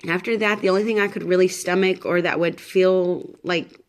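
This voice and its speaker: A woman's voice: fairly low pitch, fairly even intonation, moderate pace. A woman in her thirties talking casually to the camera in a pregnancy update vlog, rambling with many fillers and restarts, tired and a little shaky. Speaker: vlogger.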